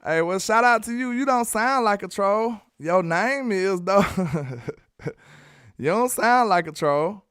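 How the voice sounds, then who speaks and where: A man with a Southern accent talks sports in a loose, playful way, reading out his chat and joking at rival fans. His voice sits a little high and smooth. The sound is dry and close. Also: unhurried, dry recording. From Alabama. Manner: animated, playful, talks trash. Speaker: sports commentator. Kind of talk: casual sports talk with live chat.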